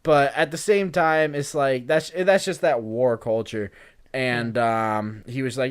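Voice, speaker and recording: A man's voice: medium pitch, moderate pace. Chatty man reviewing a movie. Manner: rambling, retells scenes with quoted asides. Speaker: co-host of a movie review podcast. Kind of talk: casual conversation, movie review.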